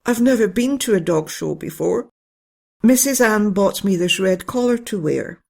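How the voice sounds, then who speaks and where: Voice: medium pitch, animated, moderate pace, creaky, darkish tone. A storyteller voicing a small, polite male dachshund puppy who is close to tears in a bedtime story. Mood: puzzled.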